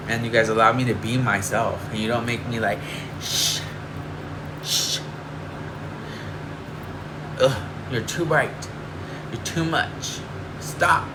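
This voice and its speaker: A man from Northern California chatting casually with livestream viewers, confiding and emotional, rambling with lots of fillers. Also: mid-range voice. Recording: air conditioner hum behind.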